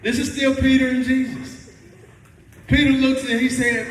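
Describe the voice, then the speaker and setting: A man's voice: very high-pitched, flat delivery, a little slow, pauses often, background noise. A man preaching a sermon in a folksy, conversational way, checking in with the congregation as he goes. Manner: conversational, folksy, quizzes the audience. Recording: echoey hall, mic from far off.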